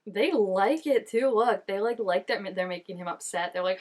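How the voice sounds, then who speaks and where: A young woman in her twenties talks through an episode as she watches it, chatty and animated and full of filler words. Her voice sits at an ordinary middle pitch for a woman. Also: normal speed. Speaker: reaction channel host. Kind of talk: casual reaction commentary.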